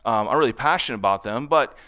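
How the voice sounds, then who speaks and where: Chatty male conference speaker, smooth voice. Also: medium pitch, animated, fast talker, sharp tone. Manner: conversational, constantly checks in with "right?"; acts out other people's quotes in shifting voices. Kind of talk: conference talk. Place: conference stage.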